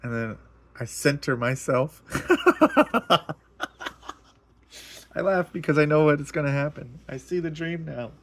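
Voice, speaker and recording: A man's voice: a little high, brisk. A man casually sharing a personal testimony, earnest and emotional, rambling and repeating himself as he tells it.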